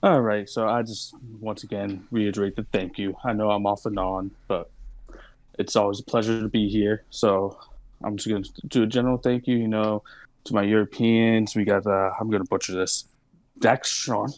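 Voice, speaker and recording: Self-mocking, jokey, lower-voiced man. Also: steady tone, normal speed, darkish tone, dry recording. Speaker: podcast regular. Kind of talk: casual podcast chat.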